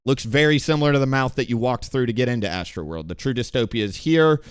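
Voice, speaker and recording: A young man speaks straight to camera in an earnest, intense testimony, his voice smooth and resonant. He jumps between loud emphasis and hushed moments. The sound is dry and close. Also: medium pitch, lively intonation, fast talker, dry recording. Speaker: gaming streamer and video host.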